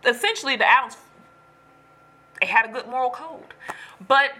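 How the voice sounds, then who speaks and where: Breathy, emphatic woman venting. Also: high-pitched, normal speed. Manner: animated, emphatic, preachy. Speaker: storyteller venting to viewers. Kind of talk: casual chat.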